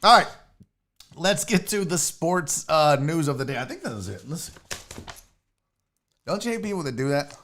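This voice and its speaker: A man's voice: a little high, expressive, normal speed, pauses often, fairly bright tone. A man hosting his own sports show, talking casually in a rambling, jokey way and swearing freely. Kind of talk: casual livestream talk.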